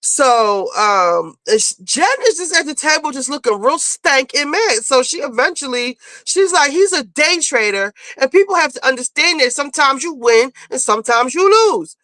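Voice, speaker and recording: A woman's voice: high-pitched, animated, normal speed, hardly any pauses, pushed and bright, no room sound, rough recording. A woman giving a chatty, off-the-cuff recap of a reality TV episode, casual and loose with swearing. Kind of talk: casual, profane recap commentary.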